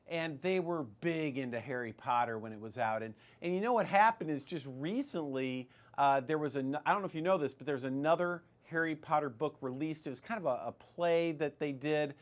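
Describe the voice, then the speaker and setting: A middle-aged male radio host with a slightly high voice, chatting loosely and with animation. He stumbles and restarts his sentences as he goes, and his delivery keeps rising and falling. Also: fairly quick, few pauses. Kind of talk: casual radio talk.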